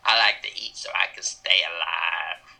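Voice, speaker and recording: A man co-hosting a podcast in casual joking chat, rambling into absurd deadpan tangents. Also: low-pitched, normal speed, gravelly, poor audio. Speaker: podcast co-host.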